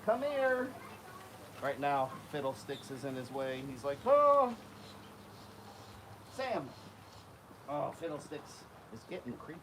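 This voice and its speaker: A man with a mid-range voice at a moderate pace hosts a casual outdoor vlog, feeding alligators he keeps. He's animated, coaxing and calling the animals, and the windy location makes for a noisy recording.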